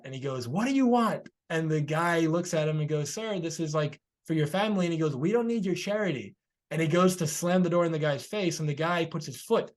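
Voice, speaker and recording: A man hosting a podcast interview, earnestly telling a story and offering encouragement, who works as a healer himself. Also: a little high.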